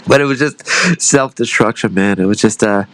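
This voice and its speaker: A man's voice: fairly low pitch, moderate pace, low-quality recording. A man in his thirties, a retired army veteran, talks as a podcast guest. He tells his story in a loose, rambling way, swears freely and pokes fun at himself as he goes. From United States. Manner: rambling, profane, self-deprecating storyteller. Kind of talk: casual storytelling interview.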